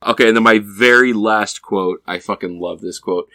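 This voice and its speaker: A man's voice: lowish voice, normal speed, dry recording. A man co-hosting a movie podcast, chatting casually and acting out quotes with laughs. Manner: laughing, animated quote reenactments. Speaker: podcast co-host. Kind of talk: casual movie review chat.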